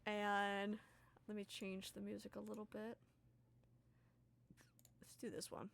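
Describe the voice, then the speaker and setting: A woman's voice: mid-range voice, completely flat delivery, slow pace, creaky. A young woman running a tabletop game as game master, loose and laughing, swearing casually.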